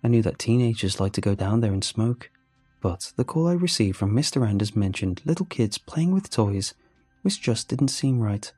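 A man narrating a first-person horror story in a measured, storytelling manner. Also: fairly low pitch, lively intonation, mellow, husky, no room sound, faint music behind.

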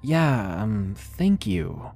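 A man's voice: medium pitch, sing-song, extremely slow, vocal fry, darkish tone, soft background music, heavily acted. A man voicing a nervous, annoyed young woman who answers a stranger tensely. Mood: uneasy. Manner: tense and defensive.

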